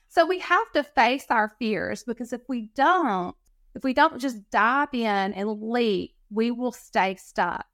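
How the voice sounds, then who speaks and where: A woman telling stories as a podcast guest in casual talk, animated and acting out quoted dialogue. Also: high-pitched, a little slow, no room sound, clean studio sound. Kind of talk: casual storytelling interview.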